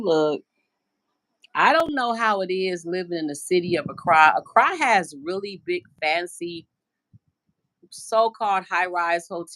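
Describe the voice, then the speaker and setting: A woman's voice: fairly low pitch, a bit bright, no room sound. A middle-aged American woman hosting a casual live stream from home on her phone, rambling through stories and acting out the voices of people she quotes. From United States. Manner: chatty, rambling storyteller who acts out quoted voices. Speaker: livestream host. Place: at home indoors.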